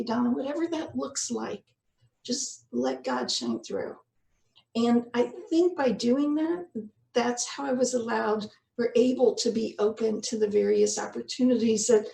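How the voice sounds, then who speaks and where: A woman's voice: a little high, vocal fry, a little mellow, reverberant, rough recording. A woman sharing a personal faith testimony in an earnest, heartfelt storytelling manner. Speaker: guest speaker.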